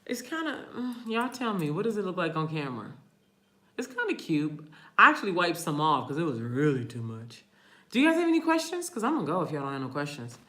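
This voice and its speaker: A woman's voice: deep voice, very animated, a little fast, a bit bright, reverberant. A woman hosting a casual live stream, chatting with viewers, reading their comments aloud and laughing often. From family from New Orleans. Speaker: livestream host.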